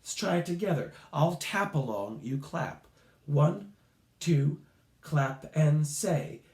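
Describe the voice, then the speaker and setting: A man's voice: a little high, lively intonation, a little mellow, reverberant. Patient man teaching children about rhythm. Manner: slow, patient and encouraging, with playful animal sounds. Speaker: music teacher. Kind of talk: recorded music lesson for children.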